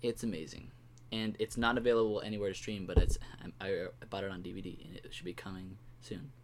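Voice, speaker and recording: A man's voice: deep voice, little pitch movement, quick pace, noisy background. A young man co-hosting a podcast in casual chat, enthusiastic and repeating words of praise. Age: young adult. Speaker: podcast co-host.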